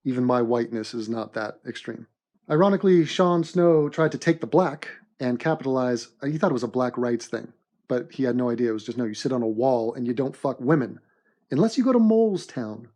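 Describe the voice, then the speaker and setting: A man hosting an animated comedy commentary in a mock-serious, deadpan sarcastic manner. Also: medium pitch, fairly quick. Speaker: host and narrator of an animated commentary.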